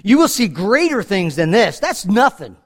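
Man, middle-aged, from New York, pastor, high voice, conversational sermon, acts out scripture lines. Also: big pitch swings, normal speed, a bit bright. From New York, USA. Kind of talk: sermon, Bible teaching.

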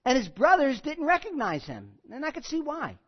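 An animated pastor preaching an expository sermon, with a voice that swings widely in pitch. The delivery is conversational, and key lines get repeated for emphasis. The recording sounds dull and lo-fi. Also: normal speed. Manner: animated, asks the congregation questions. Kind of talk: sermon, expository Bible teaching.

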